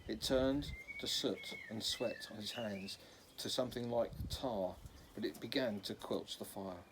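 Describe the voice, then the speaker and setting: Low-voiced man reading a children's novel. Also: a little slow, noisy background. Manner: unpolished, with slips and corrections. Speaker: reader.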